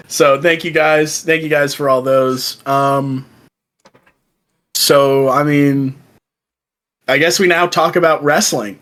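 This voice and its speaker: A young man co-hosting a podcast in casual chat, excitedly retelling events and acting out the quoted lines. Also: a little high, extremely slow, pauses often, low-quality recording. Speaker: podcast co-host. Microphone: remote call.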